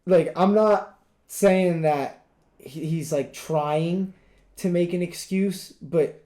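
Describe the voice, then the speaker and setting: A young man co-hosts a podcast in casual chat, his high voice slow and warm. He rambles emphatically and fills his talk with plenty of fillers.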